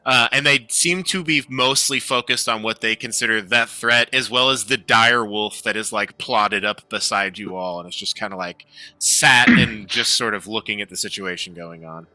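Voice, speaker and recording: A man's voice: lowish voice, normal speed, bright, forceful tone, dry recording. A man narrating as game master, in a loose style full of filler words.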